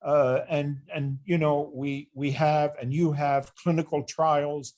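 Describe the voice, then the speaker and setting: An older man talks through his career in a fairly high voice, speaking earnestly. He often restarts a phrase as he gathers his memory, and his tone stays reflective throughout the interview. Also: flat delivery, slow pace, a little mellow. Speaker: retired neurosurgery department chair, interview guest.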